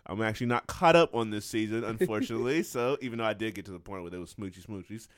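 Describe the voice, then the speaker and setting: A man's voice: lowish voice, fast talker, no echo, studio quality. A man co-hosting a casual podcast, playfully reading out lists and laughing often. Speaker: podcast co-host.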